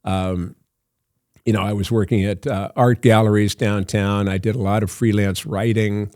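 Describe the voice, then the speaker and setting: A man's voice: lowish voice, flat delivery, moderate pace, a little mellow, dry recording, studio quality. Older man telling a rambling story. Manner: rambling anecdotes with many fillers and laughs. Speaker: actor guest. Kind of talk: storytelling in a podcast interview.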